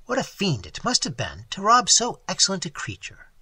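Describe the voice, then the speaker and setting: A man's voice: a little high, huge pitch swings, moderate pace, pushed and bright, husky, dry recording, heavily acted. A man voicing a fussy, gushing middle-aged woman, a rector's wife, in an audiobook reading. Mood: indignant. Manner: breathless, effusive praise.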